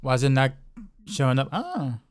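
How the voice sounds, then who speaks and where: A man's voice: mid-range voice, wildly swooping pitch, normal speed. A man chatting casually while streaming a game. He laughs often and repeats himself. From Southeastern United States. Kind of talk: casual chat while gaming.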